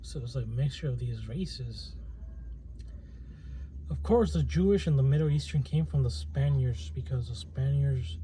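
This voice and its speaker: A man muses aloud in a loose, meandering monologue, his voice deep-toned and very mellow. He stops and restarts often, leaning on fillers as he gathers his thoughts. A faint drone of passing planes and traffic sits under the recording. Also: normal speed. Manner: hesitant, many restarts and fillers. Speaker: channel host. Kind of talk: casual rambling monologue. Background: faint plane and traffic noise.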